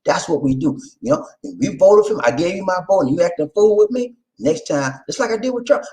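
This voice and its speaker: A man hosting his own video channel, talking casually straight to his viewers, shouting out names and preaching about community. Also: high voice, animated, fast, hardly any pauses, low-quality recording. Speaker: vlog host. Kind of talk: casual direct-to-camera chat.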